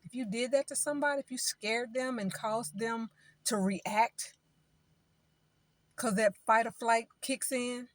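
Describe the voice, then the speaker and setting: A woman's voice: fairly high pitch, steady tone, measured pace, no room sound. A woman giving spiritual advice in an informal, preaching way, talking in a chatty style that repeats phrases and acts out what other people say.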